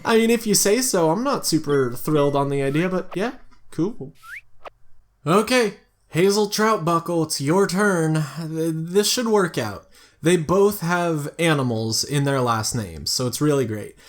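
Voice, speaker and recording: A man's voice: fairly high pitch, unhurried. A tired man giving casual, rambling gameplay commentary late at night, thinking aloud with jokey asides. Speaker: let's play host.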